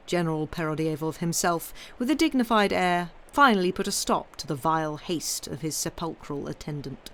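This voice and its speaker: Woman reading a classic story aloud. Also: deep voice. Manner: measured, occasional slips and self-corrections. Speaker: reader.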